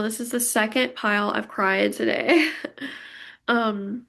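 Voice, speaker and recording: A woman's voice: on the high side, fairly even intonation, slow pace, gravelly, pushed and bright. A young woman giving a pick-a-card tarot reading, emotional and gushing as she talks straight to her viewers. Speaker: tarot reader.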